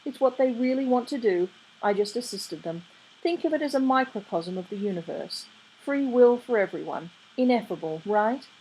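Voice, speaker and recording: A woman voicing a sardonic, touchy male demon who talks in a snappish, exasperated way, with a breathy voice. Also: on the high side, animated, normal speed, a little mellow, voice pushed up, rough recording. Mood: defensive.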